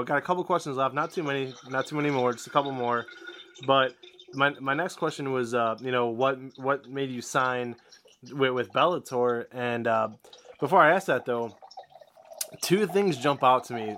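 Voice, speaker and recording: A man's voice: medium pitch, moderate pace, slight background noise. Easygoing man hosting a podcast. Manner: relaxed, swears freely, repeats himself. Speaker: podcast host. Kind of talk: casual interview.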